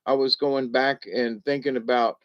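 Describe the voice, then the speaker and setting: A man's voice: mid-range voice, little pitch movement, normal speed, smooth, highs cut off. A man in his seventies hosting a casual livestream, chuckling often and rambling with restarts as he reads the chat. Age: 70s. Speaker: livestream host reading chat.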